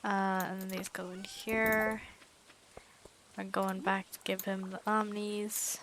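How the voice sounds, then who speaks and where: A woman in the middle of a relaxed let's-play stream, narrating what she is doing as she goes. Her voice sits at an ordinary pitch, and she breaks in with quick, self-aware side comments. A faint hiss runs under her voice. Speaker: game streamer.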